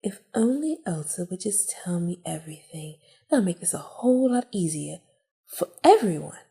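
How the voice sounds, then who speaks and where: A woman's voice: lowish voice, sing-song, moderate pace, creaky, dark tone. A woman reading aloud a scheming, vengeful young woman from a cafe game, in a theatrical, gleeful manner.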